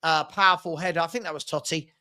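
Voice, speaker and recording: A man's voice: a little high, fairly even intonation, fast talker, sharp tone. A man from hosting a live fan watchalong, calling a match with sarcastic exasperation and rueful laughter.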